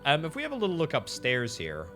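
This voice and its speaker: A man giving chatty commentary while playing a management game, thinking out loud and repeating words for emphasis, with faint game music behind him. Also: on the high side, huge pitch swings, quick pace. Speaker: game streamer. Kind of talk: gameplay commentary.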